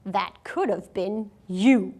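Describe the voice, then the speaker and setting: A woman's voice: mid-range voice, takes it slowly, dark tone, voice pushed down. A woman voicing a tough, cocky young female ninja pig in a storybook reading, making boastful warnings.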